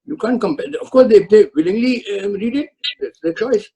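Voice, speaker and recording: Older guy firmly lecturing law students on a webinar, husky, lots of uhs. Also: high-pitched, animated, brisk, mellow, poor audio. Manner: firm, lecturing, with frequent uh and um. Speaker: retired Supreme Court judge speaking to law students. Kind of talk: webinar answers to student questions. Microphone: video call.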